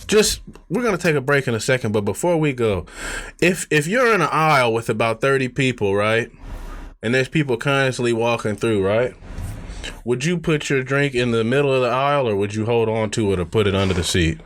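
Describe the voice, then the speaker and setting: A man co-hosting a podcast, telling stories in a casual, profane way, laughing often and acting out quotes in a lower voice. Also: animated, a little fast, slight background noise. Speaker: podcast co-host. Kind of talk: casual chat.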